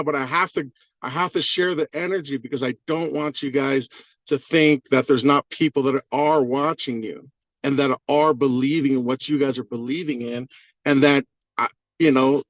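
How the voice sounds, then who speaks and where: Brief: excitable man, higher voice, swears freely, muffled dry video-call audio. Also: no echo. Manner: profane, rambling, fired-up. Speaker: caller on a community call. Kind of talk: excited testimonial on a group call.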